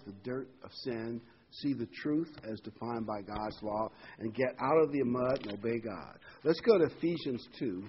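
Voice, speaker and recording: A man's voice: medium pitch, lo-fi sound, a little hiss or hum. A man preaching a folksy, rambling sermon full of homely examples and corny jokes.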